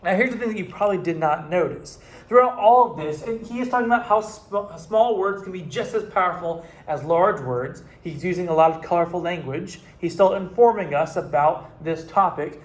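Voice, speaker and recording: A man's voice: high voice, reverberant, rough recording. A male English teacher reading a text aloud to his class and explaining it in casual asides. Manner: reads passages slowly then explains in casual asides.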